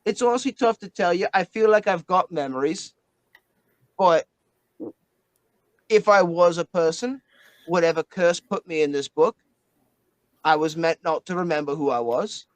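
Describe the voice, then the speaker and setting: A man's voice: sits high, moderate pace, long pauses, no echo, close to an everyday voice, rough recording. A man voicing a crude male spirit trapped in a book, with a put-on Australian accent. He swears a lot and calls everyone mate. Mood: rambling. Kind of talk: tabletop game character voice.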